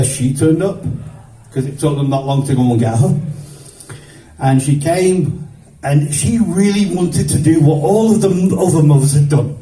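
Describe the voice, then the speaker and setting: A man performing stand-up comedy, telling a long, profane anecdote and slipping into voices for the people in it. His voice sounds very dark and mellow, pitched a little high for a man. It was caught on a phone at a distance in an echoey room. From grew up in the 1970s. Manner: swearing, rambling anecdotal delivery with voiced characters. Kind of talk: stand-up storytelling. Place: stage at a comedy show. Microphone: phone filming from the audience. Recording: roomy phone recording from afar.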